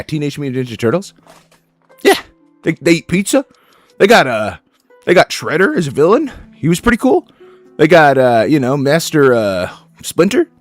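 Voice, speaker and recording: A man's voice: fairly high pitch, dry recording. A man streaming a game, chatting casually with viewers and cooing baby talk at his dog.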